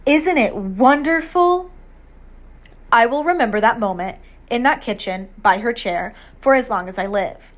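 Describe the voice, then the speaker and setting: A woman reading an audiobook aloud, measured storytelling narration in the first person. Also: mid-range voice.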